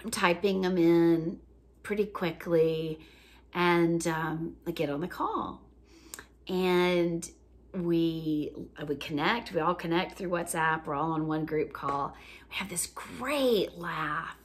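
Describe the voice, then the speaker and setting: A woman's voice: fairly low pitch, slow. A woman coach casually telling a funny story, easygoing, with frequent fillers and laughter. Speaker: joy coach.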